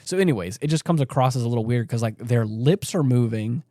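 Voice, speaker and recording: A man's voice: medium pitch, lively intonation, fast talker, mellow, no room sound, studio quality. A man co-hosting a podcast in casual chat, rambling with many restarts and fillers. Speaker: podcast co-host.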